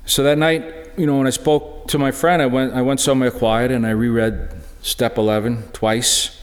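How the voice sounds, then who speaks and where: A middle-aged man giving a personal testimony talk in a church, halting and earnest, full of restarts. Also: mid-range voice, flat delivery. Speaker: lay speaker sharing a personal witness. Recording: echoey church hall.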